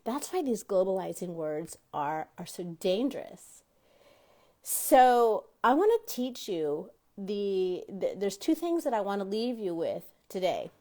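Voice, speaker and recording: A woman leads a motivational self-help talk with a mellow, warm voice. Her pitch rises and falls a great deal as she teaches. She keeps turning to the audience with direct questions and acts out the dialogue she recounts. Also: unhurried. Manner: animated, addresses listeners directly with questions. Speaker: talk show host and self-help coach.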